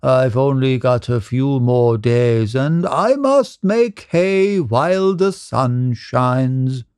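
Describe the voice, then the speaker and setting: A sly, contented old man speaks mildly, with a slight hesitation, voiced by a male narrator. His delivery is unhurried and close, in a dry storybook reading. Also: medium pitch, animated, darkish tone, smooth, dry recording. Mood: sly contentment. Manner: mild and hesitating.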